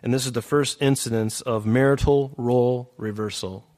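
A man's voice: mid-range voice, fairly even intonation, moderate pace, darkish tone. A man preaching a sermon who reads scripture aloud, repeats key phrases for emphasis and keeps pointing his listeners to particular verses.

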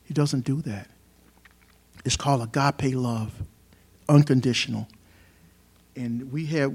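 A man's voice: medium pitch, darkish tone, husky. A man preaching a sermon to a congregation, in a conversational way, asking the listeners questions and rising sharply on key words. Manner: conversational preaching with rhetorical questions and emphatic rises. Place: church service.

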